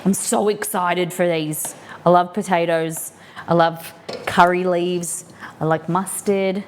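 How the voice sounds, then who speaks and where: An Australian woman cooks live in her home kitchen, chatting away to herself and to the food as she goes. She talks casually and breaks into excited squeals now and then. A faint background hum sits under her voice. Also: fairly low pitch, takes it slowly. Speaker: cooking live-streamer. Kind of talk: casual live-stream cooking chat.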